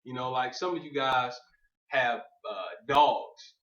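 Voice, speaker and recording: A man with a slow, mid-range, fairly bright voice gives a casual faith talk to an audience in a room. He jokes, wanders onto tangents and keeps asking "you know what I'm saying," and the recording is echoey, distant and dull.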